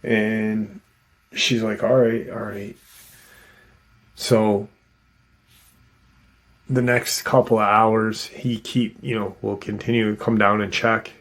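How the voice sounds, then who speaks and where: A man's voice: fairly low pitch, flat delivery, slow, long pauses, a bit bright. A man casually retelling a frightening encounter as a channel host, unscripted, with plenty of "um" and "you know" along the way. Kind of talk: casual storytelling narration.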